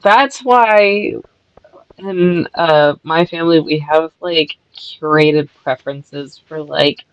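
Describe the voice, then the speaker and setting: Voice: medium pitch, takes it slowly, clean tone, dry recording, highs cut off. A co-host of a gaming video chatting casually, swearing now and then. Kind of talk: casual chat while playing a game.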